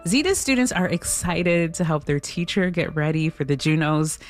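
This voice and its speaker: A woman co-hosting a show, interviewing and narrating in a calm, measured way. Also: sits low, over music. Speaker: co-host.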